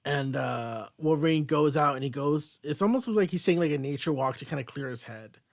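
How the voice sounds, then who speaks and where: A man's voice: a little fast, gravelly. A young man hosting a comic book podcast, chatting casually and laughing often. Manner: casual, laughs often, reads quotes in a low flat voice. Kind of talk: casual chat, reading comic lines aloud.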